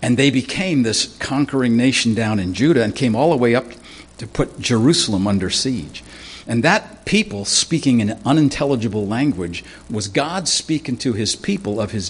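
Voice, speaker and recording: A man preaching a sermon, reading scripture verse by verse and explaining it in a casual, conversational way, clearing his throat now and then. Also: medium pitch. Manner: teaching through scripture verse by verse, conversational asides.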